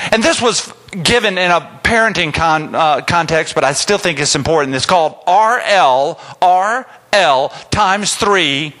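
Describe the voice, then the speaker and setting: Man, middle-aged, comic storyteller, high voice, crisp bright tone, self-mocking. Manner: animated, self-mocking, chatty with the audience. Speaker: speaker telling a personal story to an audience. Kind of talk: humorous storytelling talk.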